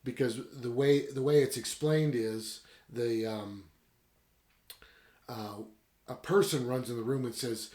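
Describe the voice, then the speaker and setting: A man's voice: medium pitch, takes it slowly, a little mellow, reverberant. A man casually retelling and reviewing a story in a rambling, conversational way. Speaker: book reviewer. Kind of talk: casual book review talk.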